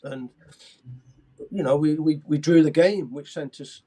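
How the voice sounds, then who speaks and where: Older man, sixties, interview guest: eager storyteller, stumbles and repeats, fairly high voice. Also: a little slow, warm tone. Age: 60s. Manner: eager, restarts and repeats words often. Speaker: guest, former footballer.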